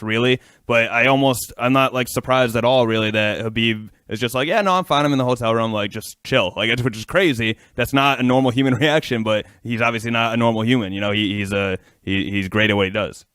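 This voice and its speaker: A man's voice: mid-range voice, a bit bright, smooth, dry recording, clean studio sound. A man hosting a sports podcast, asking long rambling questions in a casual way. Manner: fast, rambling questions with fillers. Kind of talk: interview, casual chat.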